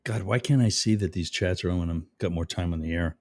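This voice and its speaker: A man's voice: low-pitched, fast, a little mellow, dry recording, studio quality. A man hosting a live stream, reading chat comments aloud and mocking the commenters sarcastically. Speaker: livestream host.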